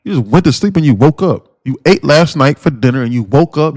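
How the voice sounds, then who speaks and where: A man in the middle of his usual pitch hosts a trading livestream, casual and slangy. He rambles, loops back on his own phrases and throws out blunt rhetorical questions. The sound is dry and close, with no room around it. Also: expressive, fast, hardly any pauses, a little mellow, no room sound. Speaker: day-trading livestream host.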